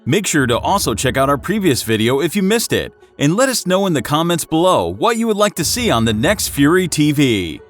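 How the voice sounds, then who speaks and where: A man's voice: on the high side, big pitch swings, fairly quick, few pauses. A man delivering an upbeat, promotional scripted outro as channel host. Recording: music underneath.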